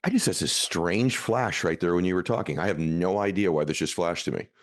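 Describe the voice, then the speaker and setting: A man's voice: deep voice, a little fast. A man hosting an interview podcast, talking in an earnest, rambling and emotional way. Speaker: podcast host. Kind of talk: casual interview talk.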